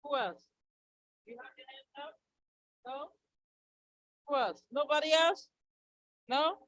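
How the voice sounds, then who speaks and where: A woman's voice: high voice, slow pace, poor audio. A woman telling a story to children at a church service, asking them questions as she goes. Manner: animated, asks children questions.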